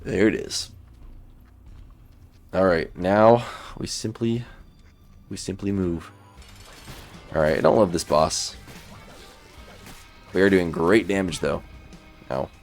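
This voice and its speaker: Gaming commentator, male, very low voice, laid-back running commentary, faint music underneath. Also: slow, long pauses. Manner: relaxed, thinking aloud while playing. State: sleepy, yawning. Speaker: gaming YouTuber. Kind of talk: let's play commentary.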